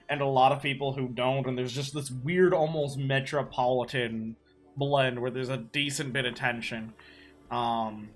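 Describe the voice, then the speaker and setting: Bright-voiced man running a tabletop game. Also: medium pitch. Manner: explains at length and asks players for rolls. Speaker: game master. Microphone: computer mic on an online call.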